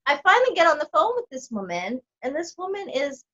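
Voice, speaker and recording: A chatty woman tells stories in an animated rush, leaning on fillers as she goes. Her voice is bright and fairly high. The recording is muffled and lo-fi. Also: a little fast. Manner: animated storyteller, heavy on fillers. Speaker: podcast guest, coaching client. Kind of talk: casual chat.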